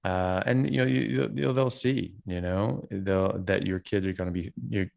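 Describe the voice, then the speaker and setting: A man who is a doctor, a guest on a podcast interview, telling stories in an animated way with frequent restarts. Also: sits low, moderate pace, gravelly. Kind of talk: casual interview conversation.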